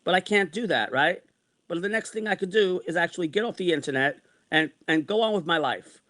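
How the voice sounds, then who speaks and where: A heated man in his sixties vents in a high-set voice, circling back over the same points. He swears freely and keeps pressing his complaints. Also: animated, brisk, fairly bright tone. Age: 60s. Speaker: vlogger. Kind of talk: angry personal rant.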